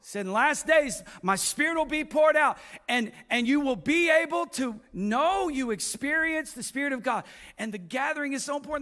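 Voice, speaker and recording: A male pastor, preaching a sermon that swells into shouted build-ups and drops to quiet asides. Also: very high-pitched.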